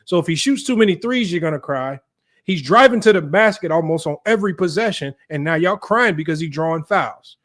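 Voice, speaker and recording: A man's voice: on the high side, expressive, a little fast, a bit bright. A man hosting a sports debate live stream, ranting in an exasperated, heated way to his viewers.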